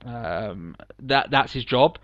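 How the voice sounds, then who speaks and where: A man's voice: mid-range voice, lively intonation, takes it slowly, dry recording, lo-fi sound. A man co-hosting a podcast, chatting casually and emphatically, laughing often. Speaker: podcast co-host. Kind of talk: casual wrestling review chat.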